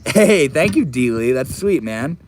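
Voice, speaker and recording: A young man casually chatting on a live stream, reading and answering chat messages in a relaxed, profane drawl. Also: medium pitch, unhurried, slight background noise. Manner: laid-back, swears often, drawls.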